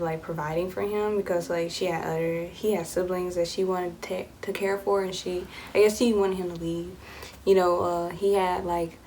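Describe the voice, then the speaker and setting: A woman's voice: on the low side, a little hiss or hum. A young woman vlogger telling a personal dating story in a casual, chatty way, acting out what people said. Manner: chatty, animated, acts out quoted voices.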